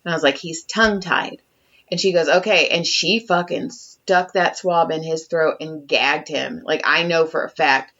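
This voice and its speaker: Speaking at a moderate pace in a low voice, a woman co-hosting a podcast tells an animated story full of acted-out quotes and heavy swearing. The audio is dull and lo-fi.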